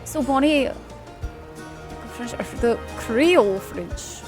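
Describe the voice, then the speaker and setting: A chatty woman talks her way through a video game stream, reacting and answering viewers in a bright, bubbly way. Her voice sits fairly high, and faint game music plays underneath. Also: expressive, drawn-out words. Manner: chatty, bubbly, chats with viewers while playing. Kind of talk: casual let's-play commentary.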